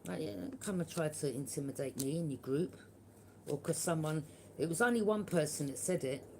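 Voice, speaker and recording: Blunt, low-voiced woman tarot reader. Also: fairly quick, slight background noise. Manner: blunt, forthright, swears freely; frequent tag question "yeah?". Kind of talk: collective tarot reading.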